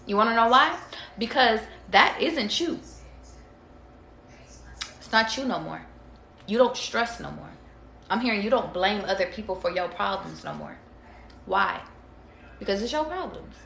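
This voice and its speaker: A chatty woman doing a relaxed tarot reading, talking straight to her viewers in loose slang and swearing freely. Her voice has a gravelly fry, and the room echoes noticeably. A faint noise floor sits underneath. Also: mid-range voice, a little slow, long pauses. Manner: chatty, slangy and profane, addressing viewers directly. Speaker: tarot reader. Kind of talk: casual livestream reading. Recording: roomy echo.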